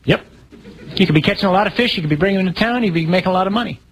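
Man putting on a pushy tourist, insistent, a bit higher, eager, told as a story. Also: fast, a bit bright, low-quality recording.

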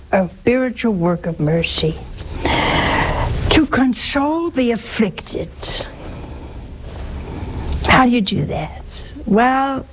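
A woman's voice: fairly high pitch, a little hiss or hum, rough recording. A woman, older in years, giving a spoken sermon in a folksy, humorous way, often asking the audience questions. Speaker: religious teacher. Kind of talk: spoken sermon on works of mercy.

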